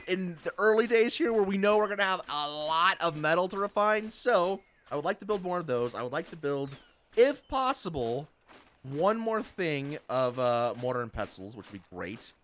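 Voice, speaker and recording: A young gaming creator chats his way through his play session. His voice sits high and bounces around a lot, and he laughs easily between his thoughts. A faint bed of noise hums behind the recording. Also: a little fast. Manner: chatty, animated, laughs often. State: hiccups. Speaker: gaming YouTuber. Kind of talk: casual gameplay commentary.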